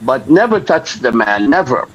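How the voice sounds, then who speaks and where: A man's voice: mid-range voice, normal speed, breathy edge. An older man telling a story in an interview, acting out the voices of the people in it. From Lebanon. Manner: animated, acts out the voices of people in his story. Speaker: interview guest. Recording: dull lo-fi recording.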